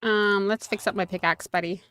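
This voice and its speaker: A woman's voice: mid-range voice, steady tone, normal speed, bright, forceful tone, a little hiss or hum. A woman game streamer chatting casually and self-mockingly while playing, talking to the characters on screen. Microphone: desk USB microphone.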